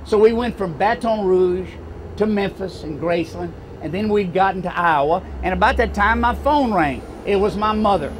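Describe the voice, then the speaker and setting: Older man, Southern accent, high voice, folksy rousing campaign speech, faint noise. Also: normal speed. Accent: Southern American. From Louisiana. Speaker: political speaker.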